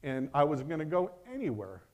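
This middle-aged preacher is emphatic and very animated, his sermon moving between loud declarations and whispered asides. His voice is fairly high and his delivery fairly quick.

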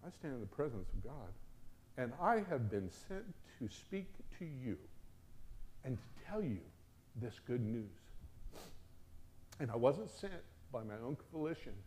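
A man playing a hushed, stern angel. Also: mid-range voice, animated, creaky, a little hiss or hum. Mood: solemn. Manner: slow, hushed and weighty. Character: solemn, stern male angel messenger.

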